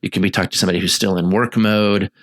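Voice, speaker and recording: A man's voice: low-pitched, steady tone, very fast. A middle-aged man co-hosting a marriage therapy podcast, chatting casually and acting out quoted lines. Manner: conversational, acts out quoted lines. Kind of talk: casual chat.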